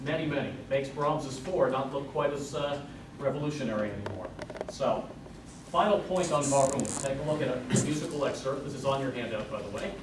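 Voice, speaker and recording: A man's voice: medium pitch, brisk. A man giving a lecture recital, explaining music to an audience and counting beats aloud. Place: recital hall. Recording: echoey hall from far off, noisy.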